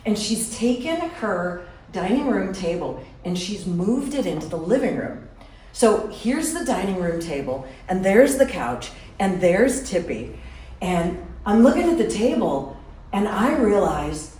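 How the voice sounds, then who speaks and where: A woman's voice: lowish voice, unhurried. Woman telling a story on stage, distant and roomy. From Wisconsin. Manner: lively, chatty, talks to the audience. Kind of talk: live personal storytelling on stage. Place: venue with a live audience. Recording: roomy hall from far off, faint room noise.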